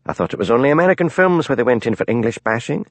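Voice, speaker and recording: A man voicing a shrewd, calm village policeman who asks quiet, probing questions. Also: mid-range voice, racing, dry recording.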